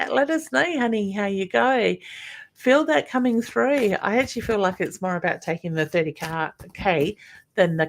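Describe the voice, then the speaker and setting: A woman's voice: medium pitch, gravelly. A woman, a psychic medium giving live readings to viewers. She is affectionate and reassuring, calling people honey and hun.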